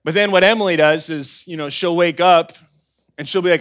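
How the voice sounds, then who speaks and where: A man's voice: fairly high pitch, a little fast. A man preaching a sermon as a pastor, telling stories in a conversational way and often checking in with "right?". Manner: conversational, animated storytelling, frequent "right?" asides.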